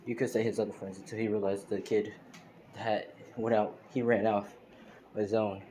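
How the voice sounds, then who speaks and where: Brief: low-voiced man, rambling fan-story narration, noisy phone recording. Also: little pitch movement, moderate pace, mellow. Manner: loose, filler-heavy retelling.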